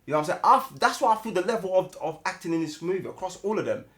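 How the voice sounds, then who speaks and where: A man's voice: high-pitched, expressive, very fast, fairly bright tone. A young man, co-hosting a casual movie review with emphatic, slangy talk. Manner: slangy, emphatic, laughs often. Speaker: podcast co-host.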